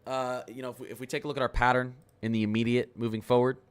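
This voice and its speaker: Model maps fill this casual livestream forecast as a man with a medium-pitched, clean-toned voice chats through them quickly and excitably.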